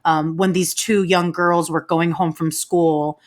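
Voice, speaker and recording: A young adult woman, a guest on a podcast, chatting casually and swearing freely in quick bursts. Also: fairly low pitch, flat delivery.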